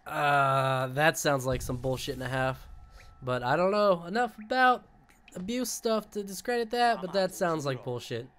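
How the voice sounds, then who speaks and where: A young man streaming a video game, talking casually with excitable outbursts, rambling asides and a lot of swearing. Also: a little high, moderate pace, slight background noise. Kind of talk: casual gaming commentary.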